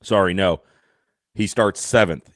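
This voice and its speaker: A man guesting on a podcast, telling an animated, self-deprecating story with lots of fillers and restarts. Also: low-pitched, unhurried, dry recording, studio quality. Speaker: podcast guest, race announcer.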